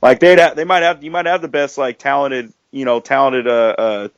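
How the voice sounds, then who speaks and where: A man with a mid-pitched voice talks football in an excitable, profane way, stumbling and repeating phrases. The recording is dry and dull, with a lo-fi edge. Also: brisk, vocal fry, no room sound. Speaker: co-host. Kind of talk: casual sports chat.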